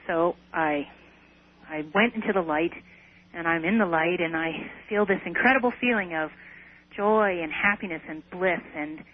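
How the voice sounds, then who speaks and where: A woman with a lowish voice speaks at normal speed as an interview guest, sounding tinny as if on a radio phone line. She recounts a personal experience earnestly, with some hesitant restarts.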